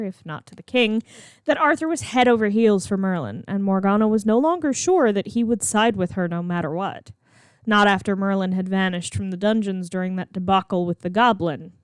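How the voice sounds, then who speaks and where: A woman narrates her own story in steady, expressive read-aloud style. Her voice sits in a middle range for a woman. The recording is dry, with no room echo at all. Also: medium pitch, clear, resonant tone. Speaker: narrator reading her own fan fiction.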